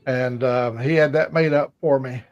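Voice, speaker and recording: An older man with a medium-pitched, darkish, steady voice tells stories at normal speed while co-hosting a casual chat, stumbling through many fillers and restarts. The recording is dull and lo-fi, with no room sound.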